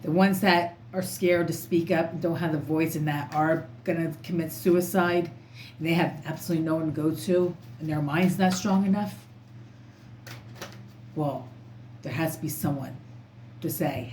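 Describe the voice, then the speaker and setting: A woman's voice: deep voice, fairly even intonation, normal speed, a little mellow. A woman tarot reader talking casually to camera in an emphatic, rambling, outspoken way. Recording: echoey room, faint background noise.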